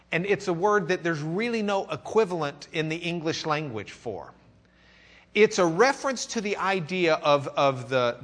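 A man with a Texan accent, from Lubbock, teaching a church class in a conversational sermon style, swinging between loud questions and quiet musing. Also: fairly high pitch. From Lubbock, Texas.

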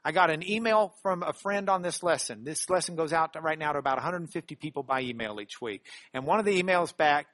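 An earnest man delivers a Bible lesson in a slightly high voice, swinging from emphatic bursts to quiet, prayerful stretches. The sound is dry and close, with no room around it. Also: fast, hardly any pauses, no room sound. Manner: earnest, animated, with sudden emphatic rises. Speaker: Bible teacher. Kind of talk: sermon-style Bible lesson.

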